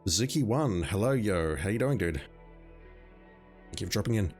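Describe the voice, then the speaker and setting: A man's voice: lowish voice, animated, normal speed, a little mellow, soft background music. A man with an Australian accent chatting casually with his viewers while playing a game, self-deprecating and talkative. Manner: chatty, self-deprecating, talks to chat by name. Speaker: streamer. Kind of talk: casual gameplay commentary.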